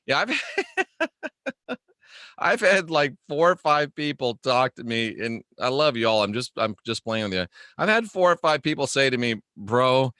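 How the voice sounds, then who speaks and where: A man's voice: medium pitch, very animated, a little slow, pushed and bright, no echo, clean studio sound. A man hosting a casual livestream monologue, rambling and joking as he answers viewer comments. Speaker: host.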